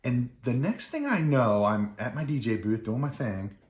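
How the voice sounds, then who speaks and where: A man's voice: medium pitch, very animated, moderate pace, darkish tone. A middle-aged man, a wedding DJ, casually telling a story with many fillers and restarts. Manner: rambling with many fillers and restarts, acting out quoted people. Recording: echoey room.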